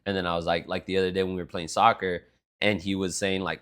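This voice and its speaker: A man's voice: sits low, fast. A young man co-hosting a podcast, telling a rambling story in casual chat and laughing as he goes. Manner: rambling, animated, laughs through his story. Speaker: podcast co-host.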